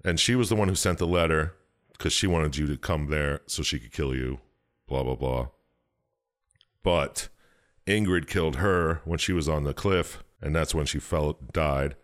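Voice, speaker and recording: Low-voiced man, casual profane storyteller recapping a plot. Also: normal speed. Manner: rambling, profane, jumps into silly quoted voices. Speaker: podcast co-host recapping a game story. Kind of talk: casual chat.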